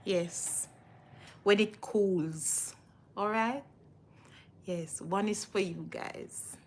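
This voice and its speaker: A woman's voice: medium pitch, extremely slow, a little hiss or hum. A middle-aged Jamaican woman hosting a casual cooking livestream from her home kitchen, chatting with viewers and repeating herself often.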